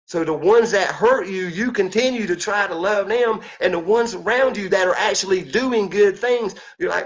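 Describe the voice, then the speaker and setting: Man vlogging, gravelly, slightly high voice, preachy and heartfelt, muffled lo-fi sound. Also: normal speed, hardly any pauses. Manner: earnest, folksy, preachy, repetitive. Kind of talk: emotional personal monologue.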